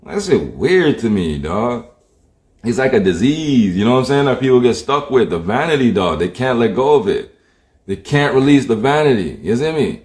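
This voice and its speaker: A man's voice: medium pitch, sing-song, normal speed, darkish tone. Blunt, profane man ranting in an echoey room. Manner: profane, blunt, slangy, repeats himself. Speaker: streamer. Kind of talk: casual ranting monologue. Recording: roomy echo.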